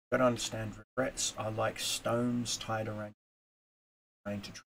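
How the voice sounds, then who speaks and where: A man talking straight to camera in a casual motivational vlog, earnest and rambling, moving from quiet reflection to emphatic urging. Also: on the low side, little pitch movement, moderate pace, slight background noise. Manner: earnest, rambling, with fillers and repeats. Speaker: YouTuber.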